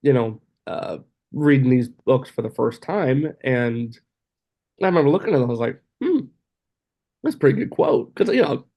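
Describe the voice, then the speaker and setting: A man, a podcast guest, telling stories in animated casual chat and often saying "you know". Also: mid-range voice, moderate pace, lo-fi sound. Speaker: guest, co-author of a book about his father. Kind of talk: casual interview storytelling.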